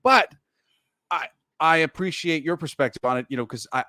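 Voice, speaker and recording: A man co-hosting a geek podcast in casual chat, animated and swearing, acting out quotes as he talks. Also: a little high, normal speed, dry recording, studio quality. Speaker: podcast co-host.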